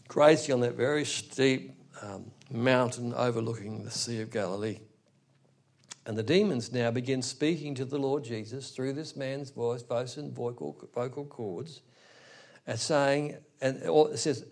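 A man preaching a sermon, explaining a scripture passage verse by verse with rhetorical asides to his listeners. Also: mid-range voice. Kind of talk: expository sermon.

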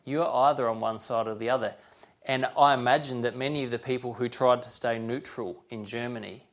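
Creaky-voiced man preaching a sermon. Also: mid-range voice, fairly even intonation, fairly quick. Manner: earnest, addresses listeners directly. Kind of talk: sermon with scripture reading.

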